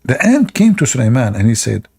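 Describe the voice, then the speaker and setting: A man hosting a livestream, retelling a story mockingly in halting, non-native English with frequent laughs. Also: medium pitch, big pitch swings, gravelly, a little mellow, slightly rough. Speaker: livestream host.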